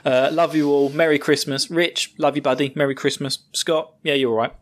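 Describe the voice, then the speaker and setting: A man's voice: a little high, a little fast. Wry man sending holiday greetings. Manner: affectionate, wry, deadpan asides. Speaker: guest sending a recorded holiday message.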